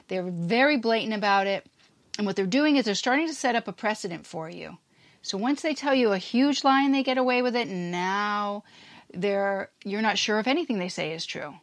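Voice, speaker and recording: A woman's voice: mid-range voice, expressive, moderate pace, dry recording. Woman podcast host, emphatic casual explainer, dry and close. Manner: emphatic, acts out quoted lines in passing.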